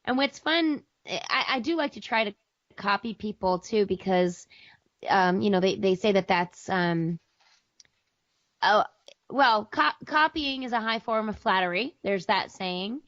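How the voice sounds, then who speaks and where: A woman's voice: medium pitch, lively intonation, measured pace, fairly bright tone, dry recording. American woman, voice actor guest, rambling casual talk, dry close sound, dull lo-fi audio. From United States. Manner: rambling, many fillers and restarts. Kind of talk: casual interview chat.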